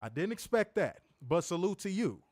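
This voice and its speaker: A man co-hosting a wrestling review stream, answering viewer comments in casual, animated chat. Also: sits high, normal speed, no echo, clean studio sound. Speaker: wrestling show co-host.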